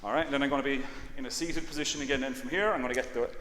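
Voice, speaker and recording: A man leading an exercise class, calmly cueing breaths and counting reps, with "all right" again and again. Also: mid-range voice, racing. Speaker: exercise instructor. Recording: long reverb, faint background noise.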